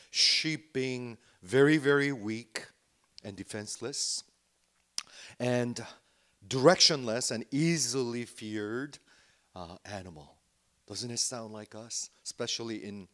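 A man preaching a Sunday sermon as pastor, earnest and deliberate, pausing often with "uh" and repeating words for emphasis. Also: medium pitch, a bit bright. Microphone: remote livestream worship.

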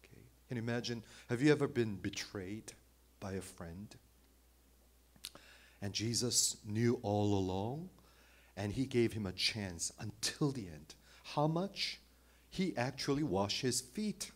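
A man preaching a sermon as pastor, shifting from loud emphasis to soft, hushed phrases, with small slips in his phrasing. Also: lowish voice, lively intonation, measured pace. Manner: dynamic, swings between loud emphasis and hushed near-whisper.

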